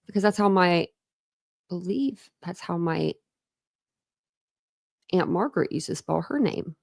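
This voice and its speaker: A woman's voice: fairly low pitch, animated, measured pace, vocal fry, darkish tone, dry recording, clean studio sound. A woman hosting a true crime livestream, chatting casually with viewers, rambling and laughing often.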